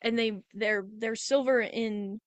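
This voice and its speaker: A woman's voice: fairly high pitch, fairly even intonation, unhurried, clear, resonant tone, no echo. A woman on a podcast, casually retelling a movie plot in a rambling way with many restarts. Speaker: podcast co-host. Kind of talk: casual movie review chat.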